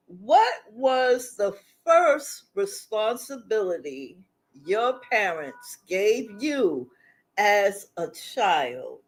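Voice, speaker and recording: A woman's voice: medium pitch, sing-song, drawn-out words. A woman hosting a casual livestream who talks to her chat, reads the comments aloud and laughs often. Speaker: livestream host.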